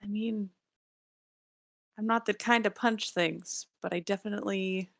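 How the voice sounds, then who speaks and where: A woman's voice: medium pitch, fairly even intonation, measured pace, gravelly, fairly bright tone, no echo, clean studio sound. A woman voicing an earnest young adventurer.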